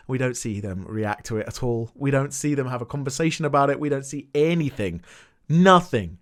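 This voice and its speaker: A young man recapping a TV episode in a casual rant, animated and swearing, with exasperated outbursts. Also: a little high, normal speed. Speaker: TV recap vlogger.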